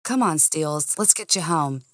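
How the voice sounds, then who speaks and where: A kind young man gently coaxes a friend along, as a woman reader puts him on. Her tone is soft and slightly low, recorded dry and close. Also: animated, measured pace, dry recording. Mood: coaxing.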